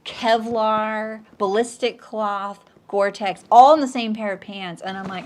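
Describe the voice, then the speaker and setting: Middle-aged woman chatting on a live sewing stream, joking, lots of restarts, average pitch. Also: measured pace, hardly any pauses. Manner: chatty and joking, lots of restarts, often drops into a low aside. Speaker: sewing pattern designer hosting a live stream. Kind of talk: casual live-stream chat, reading comments aloud.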